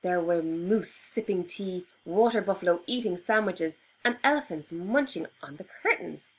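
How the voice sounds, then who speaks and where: A woman reading a picture book aloud to children in an expressive storyteller voice. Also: lowish voice, husky, low-quality recording. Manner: expressive, slow and deliberate.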